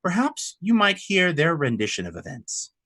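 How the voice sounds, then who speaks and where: A man's voice: fairly high pitch, huge pitch swings, moderate pace, pushed and bright, pitched above the performer's own voice, full character voice. A man voicing a polished, scheming woman who speaks with mock politeness in a tabletop game. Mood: mock-polite.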